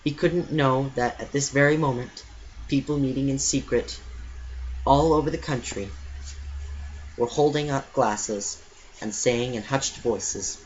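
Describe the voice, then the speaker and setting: A man giving an earnest, steady amateur storybook reading, stumbling now and then. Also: mid-range voice, a little slow, long pauses, lo-fi sound, a little hiss or hum. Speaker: reader.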